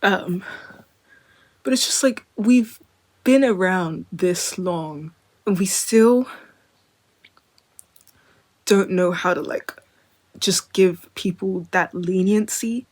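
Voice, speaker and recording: A woman's voice: lowish voice, slow, pauses often. Rambling young woman musing to camera. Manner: rambling, lots of filler "like", drifting between wry and earnest. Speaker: vlogger. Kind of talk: casual monologue to camera.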